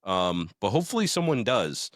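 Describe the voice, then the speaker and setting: A man with a fairly low voice co-hosts a podcast, chatting casually at a normal pace and sounding very animated. He swears freely, cracks jokes, and reads listener mail out loud. The studio-quality recording has no echo.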